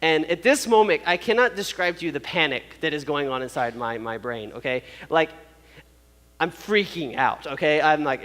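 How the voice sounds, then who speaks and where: A man's voice: a little high, lively intonation, normal speed, a bit bright, in a large hall. A man telling a personal story to an audience, acting out sounds and quoted voices, with many fillers.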